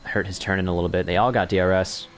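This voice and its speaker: Young guy calling sim races, lowish voice, chatty, apologizes for slips, faint hiss behind. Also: quick pace. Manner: chatty, self-correcting, gets excited during battles. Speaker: race commentator. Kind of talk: sim racing commentary.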